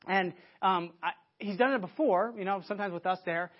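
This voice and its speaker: A man preaching a conversational sermon to a church audience, lively and often restarting his sentences. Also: high voice, fairly quick. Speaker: pastor. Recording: dull lo-fi sermon recording.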